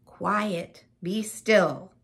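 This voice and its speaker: A woman voicing a calm, gentle Jesus in a children's Bible story. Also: mid-range voice, extremely slow, breathy edge, exaggerated voice.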